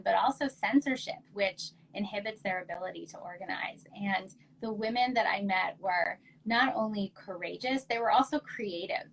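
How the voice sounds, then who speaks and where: A woman guest expert answering interview questions in an articulate, measured way. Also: mid-range voice, gravelly, slight background noise, low-quality recording. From United States.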